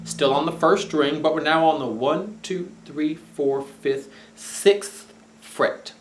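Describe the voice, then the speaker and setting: A man teaching bass guitar, patiently counting out scale tones as he plays. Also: takes it slowly, slight background noise. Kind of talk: instructional lesson. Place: room with bass guitar playing. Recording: roomy echo with bass guitar playing.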